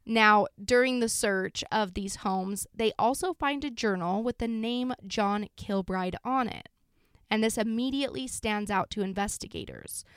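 Woman, podcast host, true crime retelling, casual, sombre, clear smooth voice, dry close sound. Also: mid-range voice, dry recording.

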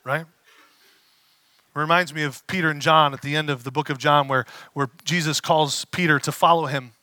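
A man preaching a conversational sermon as a pastor, casual and animated, acting out the voices he quotes. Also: on the high side, moderate pace, no room sound.

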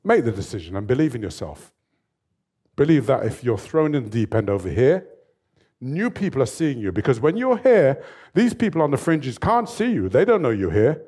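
A man in his seventies, a fitness trainer telling stories as an interview guest in a lively, animated way. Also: mid-range voice, moderate pace, breathy edge. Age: 70s. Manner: lively, animated storyteller who laughs often. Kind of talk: storytelling in an interview.

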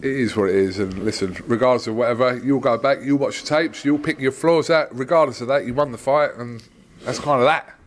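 Un homme qui mène une interview d'après-combat au bord du ring, d'un ton vif qui recadre la conversation. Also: male voice, mid-range voice, a little hiss or hum. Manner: brisk, steering the talk. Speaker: boxing interviewer. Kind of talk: post-fight interview.

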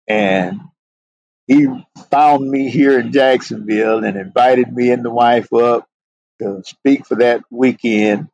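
A man's voice: medium pitch, creaky, warm tone, dry recording, highs cut off. A middle-aged man, a police sergeant, earnestly telling a personal story as a podcast guest, often saying "you know". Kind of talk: heartfelt storytelling interview.

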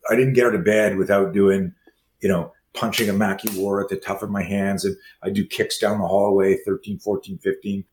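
A middle-aged man with a lowish voice tells a story in conversation, acting out the voices in it as he goes. The sound is roomy and echoey, with faint ambience behind him. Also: a little fast, a little hiss or hum. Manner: animated, acts out voices and screams in his stories. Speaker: martial arts instructor, guest.

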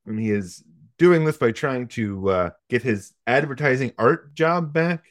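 A man's voice: medium pitch, animated, unhurried, no room sound, studio quality. A man hosting a podcast, giving a casual, profane, wry recap of a film's plot with joking asides. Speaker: podcast host recapping a film. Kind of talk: casual comedic film recap.

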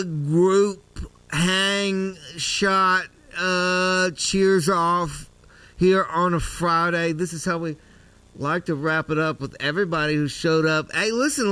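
Male host, live banter, high and bright, dry close sound, loud and joking. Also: clean tone, dry recording.

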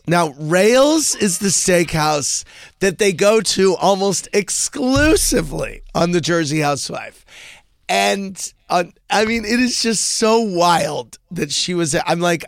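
A man's voice: on the high side, lively intonation, slow pace, creaky, no room sound, studio quality. A middle-aged man hosting a podcast, telling gossipy stories in a casual, chatty way with lots of fillers. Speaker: podcast host.

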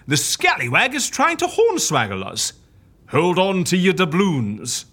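An actor playing a boisterous office colleague who talks in theatrical pirate slang, with a bright, husky voice. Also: mid-range voice, huge pitch swings, a little slow, exaggerated voice. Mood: hearty piratical.

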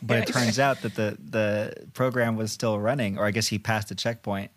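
A man's voice: fairly low pitch, level tone, normal speed, no echo, studio quality. A man co-hosting a casual podcast, making wry jokes and acting out characters in silly voices. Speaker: podcast co-host. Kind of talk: casual chat.

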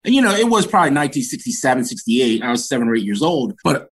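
A man's voice: mid-range voice, fast, husky. A man in his sixties from Washington, DC, a podcast guest telling stories about his upbringing in an earnest, reflective way. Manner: earnest, animated when recounting anecdotes. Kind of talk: reflective storytelling.

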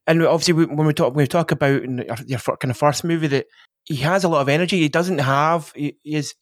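A man co-hosting a podcast in casual chat, rambling with many restarts and quick agreement. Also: a little high, no room sound, studio quality. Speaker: podcast co-host.

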